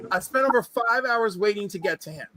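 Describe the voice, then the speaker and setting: Very high, bright-voiced man telling stories. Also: fairly quick. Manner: animated, gushing storyteller. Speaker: host. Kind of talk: casual panel chat.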